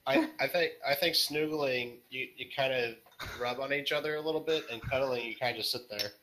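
A man's voice: mid-range voice, brisk, pushed and bright, low-quality recording. A man as a podcast guest, answering questions in a laid-back way with dry jokes. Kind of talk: casual podcast interview.

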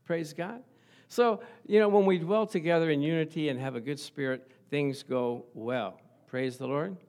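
A middle-aged man preaching a sermon as pastor, animated and calling out for amens. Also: a little high, moderate pace. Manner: animated, asks the congregation for amens. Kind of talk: lively sermon.

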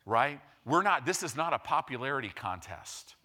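A man preaching a sermon as pastor, building from quiet to loud and emphatic. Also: medium pitch, very animated, moderate pace.

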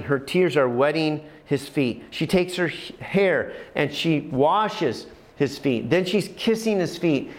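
Passionate preacher with a fairly high voice. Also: male voice. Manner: passionate storytelling preacher, repeats phrases for emphasis. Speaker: pastor. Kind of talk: sermon.

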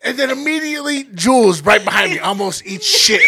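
Casual chat guy, swings his pitch all over, crude and animated storytelling. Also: fairly quick, gravelly, very noisy. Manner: animated, profane, acts out quotes.

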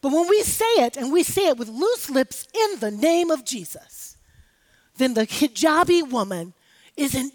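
A woman's voice: high voice, sing-song, unhurried. A woman preaching an impassioned sermon, rallying the congregation with call-and-response. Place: church sanctuary. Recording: live hall with long reverb.

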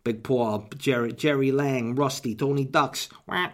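A man's voice: mid-range voice, a little slow. A man hosting a podcast, rambling casually, swearing freely and joking his way through. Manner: profane, joking, slips into impressions. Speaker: podcast host.

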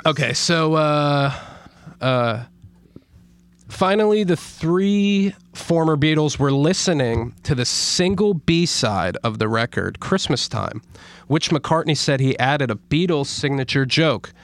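A man's voice: on the high side, expressive, takes it slowly, clean tone, no echo. A man co-hosting a casual podcast, reading stories aloud with stumbles and frequent laughter. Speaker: podcast co-host.

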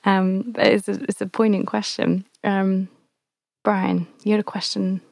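A woman's voice: mid-range voice, little pitch movement, a little slow, gravelly, darkish tone, no room sound, studio quality. A woman hosting a podcast interview, thoughtful and searching for her words as she asks questions. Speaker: podcast host. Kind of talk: casual interview chat.

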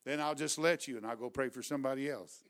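A man preaching a revival sermon, shifting from quiet storytelling to loud exhortation. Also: medium pitch, quick pace.

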